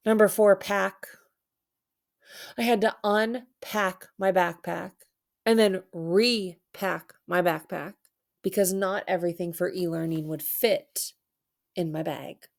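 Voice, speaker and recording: A woman's voice: on the low side, steady tone, slow pace, gravelly. A woman teacher giving an online reading lesson for children, playful and theatrical, with dramatic mock sadness.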